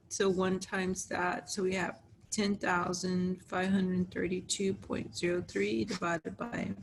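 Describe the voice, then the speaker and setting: A woman's voice: on the low side, flat delivery, takes it slowly, slight background noise, rough recording. A tired woman teacher patiently talking through arithmetic step by step in a recorded math lesson. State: tired, yawning.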